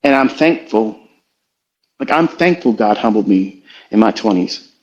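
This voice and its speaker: A middle-aged man giving a reflective, confessional motivational talk as a trading educator in a live audio room, slow and halting. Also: lowish voice, lively intonation, darkish tone. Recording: slightly muffled online audio stream.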